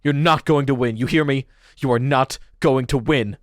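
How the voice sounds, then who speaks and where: A man voicing a panicked, desperate teenage boy in an audiobook, frantic and shouting. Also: medium pitch, moderate pace, dry recording, studio quality, voice pushed up, natural voice.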